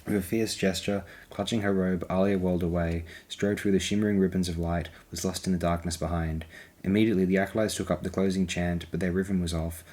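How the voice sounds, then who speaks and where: A man narrating an audiobook in a slow, deliberate, measured reading. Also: deep voice, steady tone, a little mellow.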